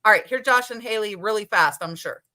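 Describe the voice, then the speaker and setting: A woman in her forties hosting a live chat show, talking in an animated way and acting out her own thoughts. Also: mid-range voice, brisk. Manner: animated, quotes her own inner talk. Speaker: podcast host. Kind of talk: casual live-stream chat.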